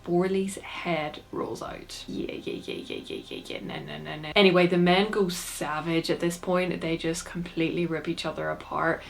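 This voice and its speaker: A woman's voice: low voice, steady tone, moderate pace, creaky, hardly any pauses, a little hiss or hum. A young woman chatting casually through a plot recap, peppering her talk with "like". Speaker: book reviewer.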